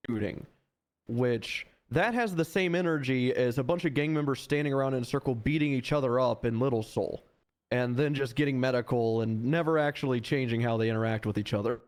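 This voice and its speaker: A man speaking at an everyday middle pitch while he recounts a tense shift in a roleplay game. He tells it in an exasperated, storytelling way and swears freely as he walks through each step. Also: darkish tone, smooth. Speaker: roleplay deputy recounting an incident. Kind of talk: in-character roleplay conversation.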